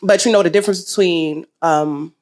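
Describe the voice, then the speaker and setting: A woman's voice: on the low side, moderate pace, darkish tone. Frank Texan woman co-hosting a poetry night. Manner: frank, laughs often, swears casually. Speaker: co-host giving feedback to poets. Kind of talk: live feedback and advice. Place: live poetry event venue.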